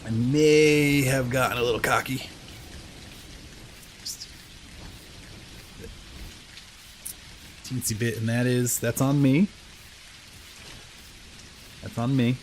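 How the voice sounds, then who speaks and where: A man's voice: medium pitch, steady tone, slow, long pauses, background noise. A man chatting casually while live-streaming a video game, rambling through asides and poking fun at himself. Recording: game music playing clearly behind.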